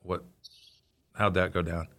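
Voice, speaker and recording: A man hosting a podcast interview, giving brief affirmations and asking gentle questions. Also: low-pitched, flat delivery, measured pace. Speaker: podcast host.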